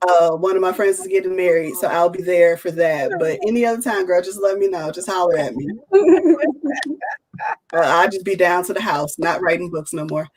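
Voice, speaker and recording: A woman's voice: fairly low pitch, moderate pace, a little mellow, poor audio. A woman hosting a casual panel chat, playful and chatty as she reads out audience questions. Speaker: panel host.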